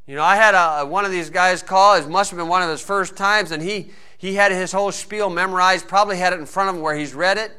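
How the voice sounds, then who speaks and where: A man preaching a sermon in a folksy storytelling way, swinging between loud emphasis and quiet asides. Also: sits high, fairly even intonation, fast talker, few pauses, clear, resonant tone.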